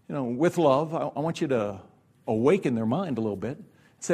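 A man's voice: on the high side, lively intonation, brisk, a little mellow, husky. A middle-aged man giving an earnest, conversational Christian workshop talk, often checking in with "right?". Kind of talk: sermon-style workshop talk.

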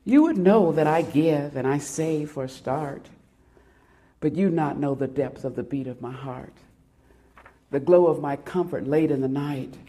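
A woman delivers a sermon at an unhurried, deliberate pace. Her voice is warm and mellow. She swells to forceful peaks and then drops to hushed, almost whispered lines. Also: deep voice. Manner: dramatic, swelling loud then dropping to hushed near-whispers. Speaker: preacher. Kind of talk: sermon with a read-aloud poem.

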